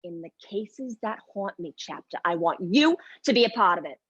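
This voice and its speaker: A woman's voice: mid-range voice, animated, moderate pace, fairly bright tone, breathy edge, dry recording, dull audio. A woman playing a brash, self-important middle-aged adoption searcher with a New Jersey accent, in a solo stage monologue. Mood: brash, breezy. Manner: self-important, breezy, defensive.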